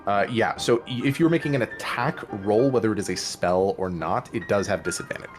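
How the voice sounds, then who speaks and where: A man's voice: lowish voice, a little fast. A man acting as dungeon master, running a tabletop game and methodically explaining rules and dice rolls step by step, with music playing underneath. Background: background music.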